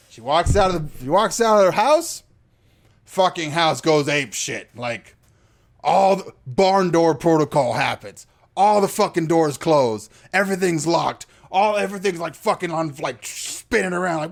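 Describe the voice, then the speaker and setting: A man's voice: fairly high pitch, animated, unhurried. A man hosting a podcast, casually recapping a film with profane, incredulous exclamations. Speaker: podcast host.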